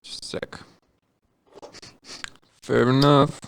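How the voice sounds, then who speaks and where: Gravelly man with terse, dry remarks. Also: mid-range voice, level tone, slow. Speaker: podcast co-host. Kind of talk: casual podcast chat.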